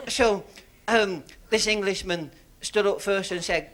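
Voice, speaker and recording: A man doing stand-up, telling jokes slowly and giggling at his own lines. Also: high voice, steady tone, a bit bright. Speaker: stand-up comedian. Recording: hissy old TV audio with audience laughter.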